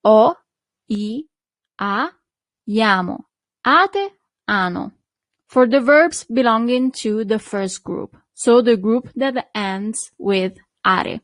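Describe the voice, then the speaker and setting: A woman teaching an online language lesson, talking slowly and drawing out model words for her students to repeat. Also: a little high, no echo. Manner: slow, drawn-out model pronunciations for repeating. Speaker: Italian teacher.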